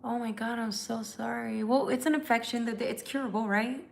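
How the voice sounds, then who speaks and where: A woman's voice: fairly high pitch, fairly even intonation, normal speed, gravelly, a little hiss or hum. A tired woman who reads tarot, chatting candidly and emotionally with viewers on a livestream, swearing casually. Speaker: tarot reader.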